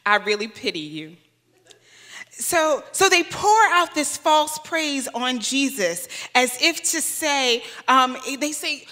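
A woman's voice: high-pitched, big pitch swings, slow, pushed and bright, long reverb tail. A woman guest pastor preaching a sermon, conversational, with rhetorical questions and light humor. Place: church sanctuary.

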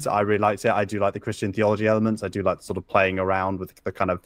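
A man guesting on a podcast, wandering through his thoughts with lots of hesitations and restarts. His voice is on the low side and recorded dry and close, with no room sound around it. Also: flat delivery, fast, no echo. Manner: rambling, hesitant, many likes and restarts. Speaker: podcast guest, video essayist. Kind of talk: casual podcast chat.

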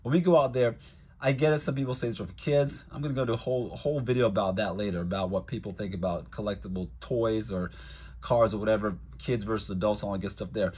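A man's voice: fairly low pitch, fairly even intonation, fast talker, a little mellow, slightly rough. A man vlogging as a toy collector, telling a casual, rambling story with lots of fillers.

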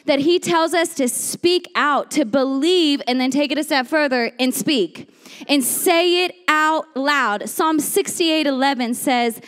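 A young woman giving a chatty, animated sermon, telling a story and acting out the voices in it. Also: sits high, measured pace, big-room sound. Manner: lively, chatty, acts out voices in her story. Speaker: speaker at a women's church series.

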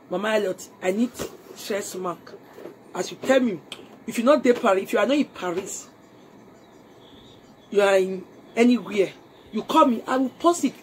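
Urging viewers to join her business, a Nigerian woman gives a live phone-video sales pitch from home, mixing Pidgin and English in urgent, persuasive appeals as a network marketing seller. Her voice is on the high side and slightly rough.

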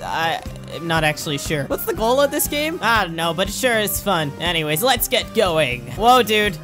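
A young woman doing let's play commentary, excitable and goofy, often yelping and laughing. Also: lowish voice, moderate pace, soft background music. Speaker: gameplay commentator.

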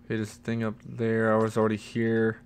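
A teenage boy hosting a let's play, chatty and muttering, with excited squeals. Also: on the low side, a little fast, smooth. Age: teens. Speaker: gaming channel host.

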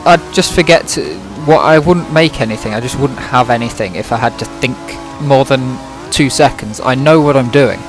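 A man's voice: mid-range voice, moderate pace, few pauses. A British man streaming a game, chatting casually in a dry, sarcastic-sounding way with plenty of swearing, close to the mic. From Britain. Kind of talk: casual livestream chat. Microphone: microphone close in front of the mouth. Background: music playing.

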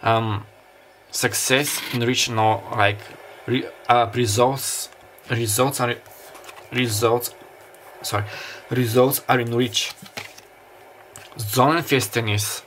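A guy musing haltingly through a pick-a-card tarot reading, with lots of fillers and restarts. His mid-range voice holds a steady tone, while soft summer beach sounds and slight background noise drift behind him.

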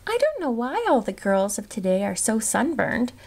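Woman reading as a boastful old aunt, goes up high and gushy about her old looks, storybook style. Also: very animated, normal speed, vocal fry, heavily acted. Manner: gushing, boastful. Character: vain older aunt, once a beauty.

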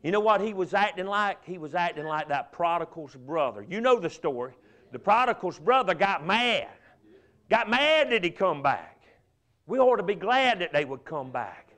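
A man preaching a fervent revival sermon, swinging from loud emphatic bursts to hushed, drawn-out pleading. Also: sits high, sing-song. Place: church sanctuary.

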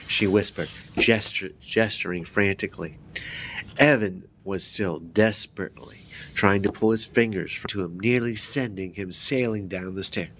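A man with a fairly low voice reads a children's horror book aloud. He lifts his voice higher and louder for the characters' lines, then sinks back down for the narration tags. A faint low rumble sits behind the recording. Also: moderate pace. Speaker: book reader.

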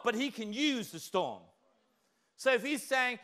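A male pastor preaching a lively, conversational sermon full of rhetorical questions. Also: very high-pitched, a little slow, long pauses. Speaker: lead pastor.

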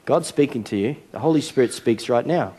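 A man's voice: mid-range voice, a little fast, mellow, breathy edge. A middle-aged man preaching a sermon as a senior pastor, telling a story and acting out a game. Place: large church hall. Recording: long church hall reverb.

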